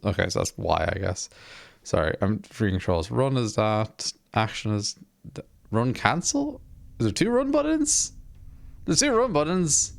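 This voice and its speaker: A man's voice: medium pitch, sing-song, a little slow, creaky. A man casually chatting on a live stream while playing a game, rambling, self-deprecating and swearing offhand.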